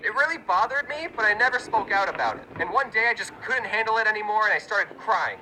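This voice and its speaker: Wry young man narrating with lively pitch. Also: quick pace, slight background noise, rough recording. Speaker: storytime narrator. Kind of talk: scripted comedic narration. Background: background music.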